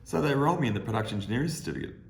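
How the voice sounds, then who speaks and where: An older Australian man spins anecdotes in a casual podcast chat, acting out the people he remembers. His pitch moves a great deal as he talks. The room around him sounds echoey. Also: rapid-fire, creaky, slight background noise. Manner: animated storyteller, acts out voices. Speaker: podcast guest, consultant. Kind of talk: casual storytelling.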